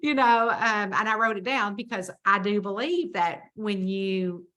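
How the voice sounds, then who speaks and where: Southern woman, crisp bright voice, chatty guest who acts out dialogue. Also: medium pitch, a little slow. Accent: Southern American. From Southern United States. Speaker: mystery author, interview guest. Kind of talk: casual storytelling interview.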